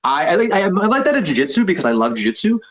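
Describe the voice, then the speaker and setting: A man in his thirties rambles through a casual podcast chat, poking fun at himself and leaning on fillers like "like". His voice sits a little higher than most men's. The audio is slightly dull. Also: big pitch swings, very fast. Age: 30s. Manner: rambling, self-deprecating, many fillers. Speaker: podcast guest, jiu-jitsu instructor.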